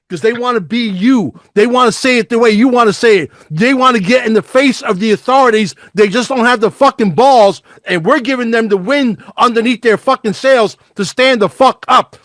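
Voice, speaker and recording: A male talk-show host with a fairly high voice speaks excitably and swears constantly. He trips over words as he rushes through his points. The sound is dry and close. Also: no echo. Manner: excitable, heavily profane, stumbling over words. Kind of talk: political talk show chat.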